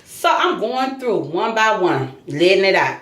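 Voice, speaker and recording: A woman vlogger telling a true story to her viewers in a casual, animated, emphatic way. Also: mid-range voice, unhurried, echoey room.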